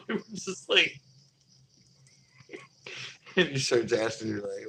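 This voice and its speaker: A man's voice: medium pitch, very animated, takes it slowly, long pauses, a bit bright, slight background noise. A man hosting a live stream, telling a story in a rambling, loose way with frequent laughter. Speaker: fishing channel host.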